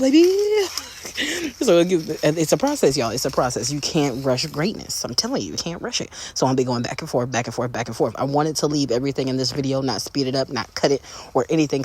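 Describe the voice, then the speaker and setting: Sassy makeup tutorial host, chatty and playful w viewers, voice jumps up high for the fun bits, mid pitch. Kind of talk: step-by-step makeup tutorial talk.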